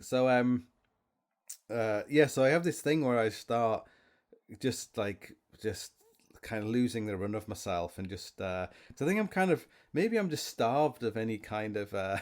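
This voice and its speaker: A man's voice: on the low side, animated, a little fast, creaky. A man hosting a podcast alone, rambling through stories with many restarts and self-mocking asides. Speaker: podcast host. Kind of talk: rambling solo chat.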